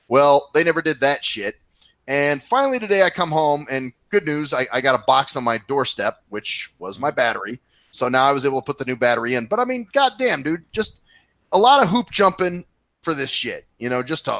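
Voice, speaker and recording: Animated swearing male ranter. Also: mid-range voice, normal speed, dry recording, low-quality recording. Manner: ranting storyteller, animated, swears freely; mimics people in put-on voices. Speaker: podcast co-host. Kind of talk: casual profane chat.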